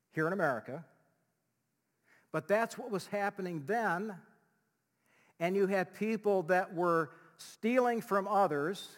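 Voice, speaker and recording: A male pastor preaching a sermon in an animated way, dropping to a hush and rising loud again. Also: high voice. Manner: animated, swings from loud to hushed, acts out quotes. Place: church sanctuary. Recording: long reverb of a church hall.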